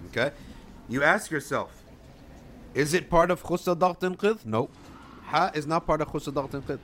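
A man teaching recitation in a middle-pitched voice, with faint noise behind him. He models each sound slowly, then repeats it. He asks a question and answers it himself in a patient, steady manner. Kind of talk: tajweed lesson, explaining and modeling recitation.

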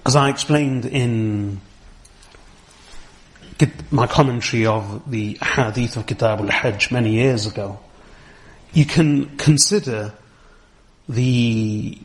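Measured man teaching a religious lesson. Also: medium pitch. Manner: deliberate, explanatory, with careful Arabic terms. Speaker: Islamic teacher.

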